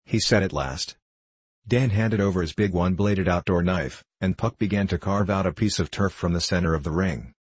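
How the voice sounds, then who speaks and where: A man reading a children's storybook aloud in a measured, plain narration style. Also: low voice, expressive, husky, no room sound. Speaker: audiobook narrator.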